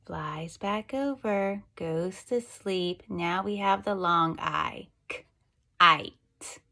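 A woman's voice: on the low side, gravelly, fairly bright tone. A woman teacher giving a phonics lesson to young children. She tells it as a story and draws out the letter sounds. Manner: slow, sing-song storytelling with drawn-out sounds.

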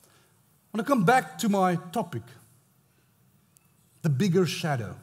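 A male pastor with an Australian accent preaching a sermon, swinging between loud exclamations and hushed, intense moments. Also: high voice, big pitch swings, a little slow.

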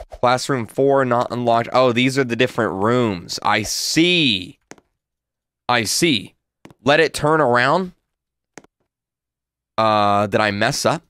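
A man's voice: mid-range voice, pushed and bright. A man playing a horror game and commenting, muttering nervously and repeating himself. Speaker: gaming YouTuber. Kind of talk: let's play commentary.

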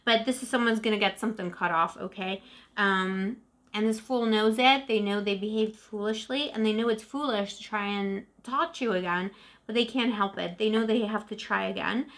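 A woman's voice: mid-range voice, normal speed, fairly bright tone. A woman in her forties doing a casual tarot reading to camera, chatty and emotive, often calling the viewer "boo-boo". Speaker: tarot reader.

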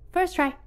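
A woman gaming YouTuber reacting out loud to her game with loud gasping exclamations. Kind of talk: excited let's-play reaction. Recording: game music behind voice.

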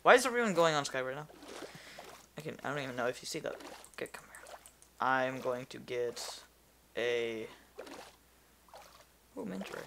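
A man's voice: on the high side, big pitch swings, brisk, vocal fry, pauses often, background noise. A man giving casual gameplay commentary, rambling and easily distracted, talking to himself as he plays. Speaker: gamer.

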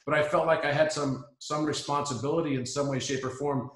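A man's voice: on the high side, fairly even intonation, fairly quick, echoey room. A man as an interview guest in a reflective conversation. He talks earnestly, often restarting his sentences and repeating words.

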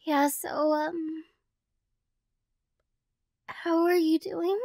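Very high-voiced woman in whispered role-play. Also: fairly even intonation, drawn-out words, gravelly, no echo, studio quality. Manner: soft, rambling, self-conscious and emotional. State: teary after crying. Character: tearful ex-girlfriend woman, lovesick and flustered. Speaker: ASMR role-play performer.

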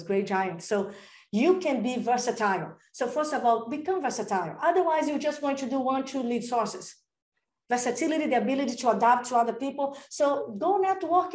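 An energetic, enthusiastic woman speaking as a real estate coach on a podcast, acting out little dialogues as she talks. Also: on the high side, roomy sound. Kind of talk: casual interview talk.

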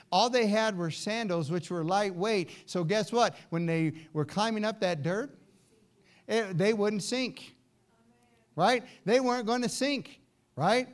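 A man with a fairly high voice preaches from the pulpit. He moves between hushed, intimate asides and loud, ringing peaks. His delivery stays lively and emphatic throughout. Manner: animated preaching, swinging from soft asides to shouting. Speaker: pastor. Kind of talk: sermon. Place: church sanctuary.

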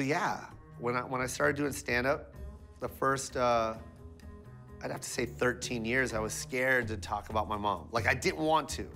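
A man doing stand-up with energetic, loud punchlines and crowd work, then talking about his mother. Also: on the low side. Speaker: stand-up comedian. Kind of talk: stand-up set and interview.

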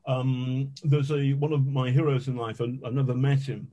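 A man's voice: medium pitch, little pitch movement, moderate pace, mellow. A middle-aged man telling vivid, self-mocking anecdotes as an interview guest, swearing freely. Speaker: guest, investigative journalist. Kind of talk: conversational storytelling.

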